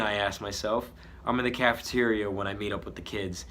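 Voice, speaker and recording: A man's voice: on the low side, little pitch movement, normal speed, a bit bright. A man reading a story he wrote as a child, joking about the spelling and the drawings as he goes. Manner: mocking his own old writing. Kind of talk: comedic read-aloud with commentary.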